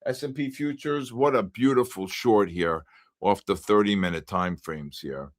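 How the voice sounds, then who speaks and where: Older guy hosting a trading livestream, casual rambling chat, calls out names, gets loud. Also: lowish voice, unhurried. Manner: chatty, loud exclamations, greets viewers by name.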